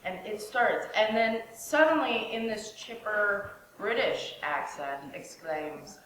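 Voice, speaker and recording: A woman's voice: fairly high pitch, sing-song, takes it slowly, sharp tone. A woman telling a personal story in a wry, sarcastic way. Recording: echoey room, faint hiss.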